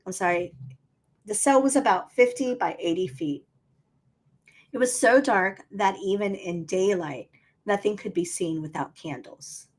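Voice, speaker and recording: A woman co-hosting a history and hauntings podcast, reading history aloud in a casual, teasing way. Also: mid-range voice. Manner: reads history aloud, laughs easily, teasing. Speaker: podcast co-host.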